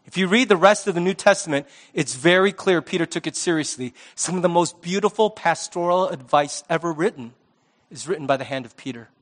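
A male pastor giving a sermon in a conversational, lively manner with sports talk. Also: fairly high pitch, brisk.

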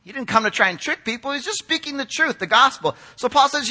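Middle-aged pastor guy preaching, higher voice, super bright and sharp, acts out the critics. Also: fast talker, hardly any pauses. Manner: animated, acts out quoted critics in a chatty voice. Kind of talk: sermon. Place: church sanctuary.

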